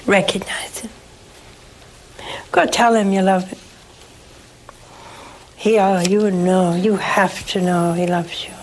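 A woman's voice: mid-range voice, level tone, slow pace, pauses often, a little hiss or hum, low-quality recording. A woman, a nun hosting a call-in show, preaching and answering callers in an emphatic, coaxing way.

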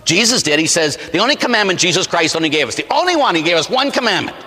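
Lively priest preaching in an echoing church. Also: male voice, sits high, fast talker, breathy edge. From Pittsburgh, USA. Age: 40s. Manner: animated storytelling with rhetorical "huh?" tags. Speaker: Catholic priest. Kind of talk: sermon.

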